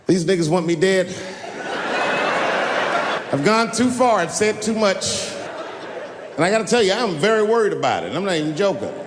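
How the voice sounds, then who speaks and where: A male stand-up comedian performing on stage, animated, shouting punchlines and acting out voices. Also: a little high. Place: large venue on stage. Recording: echoey hall with crowd laughter. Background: audience laughter and crowd noise.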